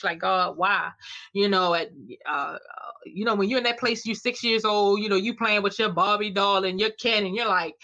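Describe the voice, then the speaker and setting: Woman guest, lively testimony storyteller, slightly muffled recording. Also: medium pitch. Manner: animated storytelling, acting out dialogue with God, laughing often. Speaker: guest, clothing line founder. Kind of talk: faith-filled personal testimony.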